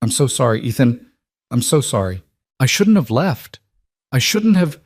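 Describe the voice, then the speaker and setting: A man voicing a grieving young mother, speaking in a tearful, pleading, halting way. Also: mid-range voice, big pitch swings, slightly rough, no room sound, studio quality, pitched above the performer's own voice. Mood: sobbing apology.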